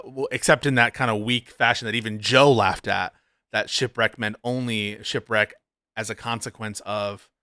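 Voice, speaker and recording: A man's voice: medium pitch, bright, forceful tone, no room sound, clean studio sound. A man streamer commenting on a clip in a sarcastic, profane way, laughing often. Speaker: streamer reacting to a debate clip. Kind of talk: casual commentary.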